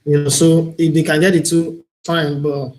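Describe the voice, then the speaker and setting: A man with a Nigerian accent hosts and broadcasts a live-streamed talk show, speaking earnestly, with strong opinions and reflection. His voice is fairly high-pitched and darkish, level in tone, at a normal speed.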